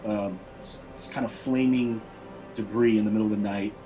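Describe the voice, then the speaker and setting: A man's voice: lowish voice, fairly even intonation, moderate pace, dark tone, faint music behind, low-quality recording. A man narrating a tabletop game as game master, with a rambling, loose delivery. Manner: rambling, many fillers and restarts.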